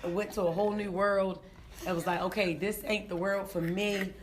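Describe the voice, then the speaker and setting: A woman, speaking at an ordinary middle pitch. She tells her stories with lively energy and laughs often, slipping into voices for the people she quotes. There is a faint noise in the background. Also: normal speed. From Baltimore, Maryland, USA. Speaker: comedian guest. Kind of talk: casual interview storytelling.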